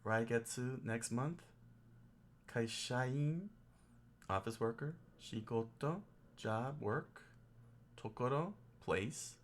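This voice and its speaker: Slow, jokey man drilling vocabulary. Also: mid-range voice. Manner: jokey, thinking aloud, with self-corrections. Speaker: streamer teaching himself Japanese. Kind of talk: casual self-study stream.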